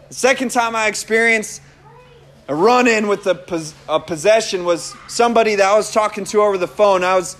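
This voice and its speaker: High-voiced man preaching with animated stories. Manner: animated storyteller who laughs often. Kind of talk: sermon with personal testimony.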